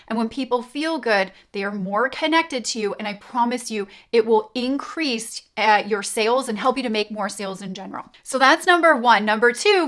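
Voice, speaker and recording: Canadian lady coaching on sales, upbeat and chatty, voice a touch on the high side. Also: a bit bright. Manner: upbeat, emphatic, conversational. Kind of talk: direct-to-camera coaching talk.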